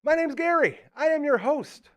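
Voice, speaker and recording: A man hosting a live local talk show with energetic, hype delivery, from Canada. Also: extremely high pitch, normal speed. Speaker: host.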